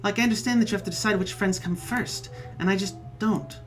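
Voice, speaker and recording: A man's voice: high voice, fast, soft background music, voice pushed up, natural voice. A man voicing a lonely, eager young male bee troll with a buzzy voice who apologizes and pities himself. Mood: self-pitying. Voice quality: buzzy accent. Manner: eager, apologetic, self-pitying.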